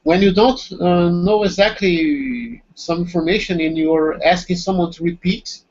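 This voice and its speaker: A man's voice: high-pitched, a little slow, a little mellow. Hesitant man answering in a language class. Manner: hesitant, many fillers and restarts. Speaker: language student. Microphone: video call. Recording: muffled video-call audio.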